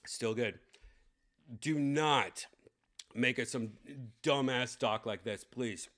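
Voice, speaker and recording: Young guy ranting through an unboxing, swears a lot, slow talker, bright voice. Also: mid-range voice. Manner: blunt, profane, ranting, with lots of fillers. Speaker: tech vlogger unboxing a VR headset. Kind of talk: casual unboxing commentary.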